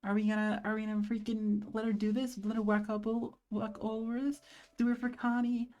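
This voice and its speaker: A woman streamer giving casual, joking gameplay commentary, animated and swearing freely. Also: fairly high pitch, fairly quick.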